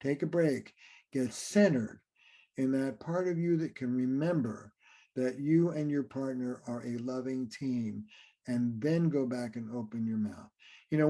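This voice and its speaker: A man's voice: mid-range voice, mellow. A man, a relationship therapist, explaining ideas in an interview and acting out little scenes between partners.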